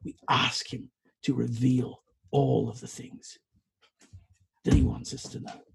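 A man preaching a sermon, earnest and sometimes stumbling over his words, dropping into quiet reflection. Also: mid-range voice, flat delivery, slow, vocal fry, breathy edge.

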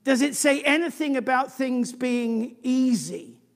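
Preacher booming then whispering in a hall. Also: fairly even intonation, measured pace. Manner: dynamic, swinging from booming emphasis to near-whisper; frequent restarts and repeated words. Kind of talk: sermon.

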